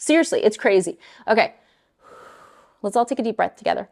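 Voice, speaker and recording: A middle-aged woman mortgage lender talking casually to her viewers, blunt and animated, often exasperated. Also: mid-range voice, brisk.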